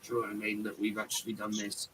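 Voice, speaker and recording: A man's voice: lowish voice, completely flat delivery, racing, background noise. A man hosting a casual live-stream chat, rambling and effusive, with lots of fillers and restarts. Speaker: host.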